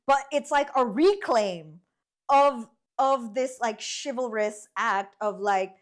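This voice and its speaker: A woman hosting a casual interview chat, playful and animated, often humming agreement while her guest talks. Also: a little high, slow pace. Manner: animated, playful, frequent backchannel hums. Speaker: host.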